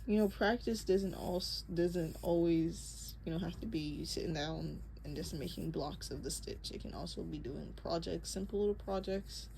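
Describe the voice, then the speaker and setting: With a lowish, creaky voice and hardly any pauses, a young woman at normal speed talks through beginner crochet in a casual how-to. She corrects herself with soft laughs while a close mic catches her hard breathing, and the low-quality recording has a slight hiss or hum.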